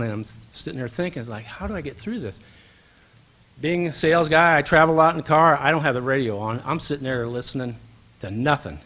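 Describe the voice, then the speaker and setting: A man's voice: fairly high pitch, a little fast. Man telling stories at a banquet. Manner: animated anecdotes acting out dialogue. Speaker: banquet speaker. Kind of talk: storytelling speech. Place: event hall.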